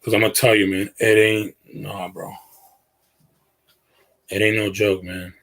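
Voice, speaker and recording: A man speaks a little slowly in a lowish, fairly bright voice that barely moves in pitch, and the audio is poor. He's casually livestreaming from his bedroom, telling viewers things in earnest slang, often breaking off and starting again.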